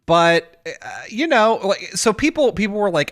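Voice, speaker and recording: A man's voice: high voice, huge pitch swings, a little slow, a bit bright, dry recording, studio quality. A young man co-hosting a podcast, chatting casually and agreeing readily with his co-host. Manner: agreeable, brief affirmations, laughs easily. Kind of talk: casual chat.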